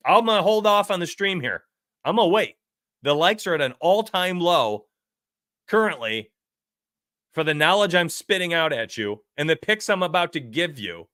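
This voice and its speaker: Brash sports betting streamer, bright voice. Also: male voice, a little high, dry recording, studio quality. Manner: brash, rambling, reads chat aloud. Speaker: sports betting livestream host. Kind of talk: casual livestream talk.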